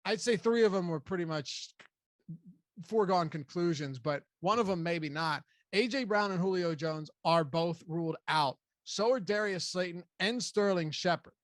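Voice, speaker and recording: Higher-voiced man hosting sports talk. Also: normal speed, no room sound. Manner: conversational, loose with frequent restarts. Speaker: fantasy football show host. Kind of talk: casual sports analysis chat.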